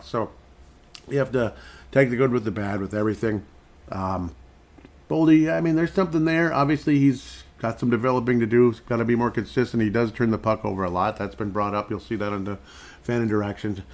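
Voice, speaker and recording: A man hosting a podcast, giving casual, rambling sports commentary with wry asides and laughs at himself. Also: on the low side. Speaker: podcast host.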